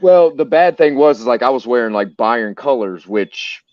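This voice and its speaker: A man's voice: mid-range voice, animated, moderate pace, no echo, highs cut off. A man from the United States hosting a live stream, telling a rambling, profane anecdote with many fillers. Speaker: stream host. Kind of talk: casual storytelling on a live stream.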